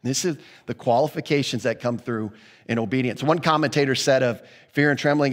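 A pastor delivers a sermon in an earnest, conversational way, frequently breaking off and restarting sentences partway through. His voice is medium in pitch and carries the sound of a big room.

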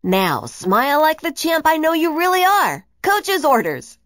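A kind kids' coach speaks in an upbeat, encouraging tone, as a woman reads him. The pitch is raised and lively. The sound is dry and close. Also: measured pace, no room sound, heavily acted. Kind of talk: storybook reading.

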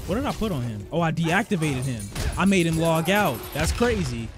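A young man giving excitable, trash-talking commentary while playing a video game. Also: on the high side, fairly quick, music in the background. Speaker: gaming streamer. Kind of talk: let's-play commentary. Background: game soundtrack.

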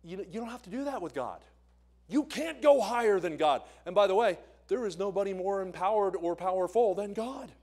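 Animated evangelist man preaching. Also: high voice, fairly quick. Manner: animated, swings between loud emphasis and quiet asides. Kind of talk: sermon. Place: church sanctuary.

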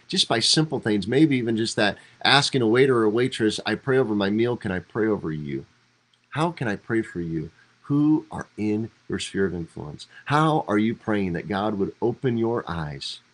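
On a church livestream, a pastor leads a devotional Bible study, speaking conversationally and acting out quoted lines with mounting emphasis. His voice is fairly low, and the audio is poor.

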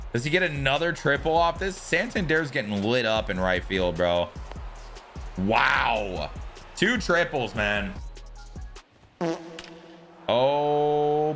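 A young man giving excited commentary over his own baseball video game, swinging between shouts and groans. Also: medium pitch. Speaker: gaming YouTuber.

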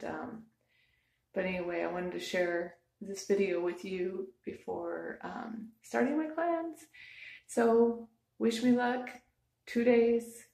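A woman's voice: medium pitch, vocal fry, a little mellow, echoey room. A woman talking casually to her phone camera at home, chatty and hesitant with many ums. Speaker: vlogger. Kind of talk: casual vlog. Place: home, early morning.

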